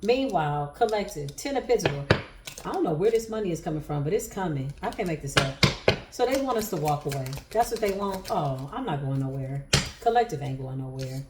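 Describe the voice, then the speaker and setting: A woman's voice: sits low, animated, brisk, heavy background noise. A chatty woman working through a tarot spread for her viewers. She laughs freely and keeps up a running stream of sassy asides. Her voice rings a little in a roomy, echoey space. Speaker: tarot reader. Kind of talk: casual livestream tarot reading.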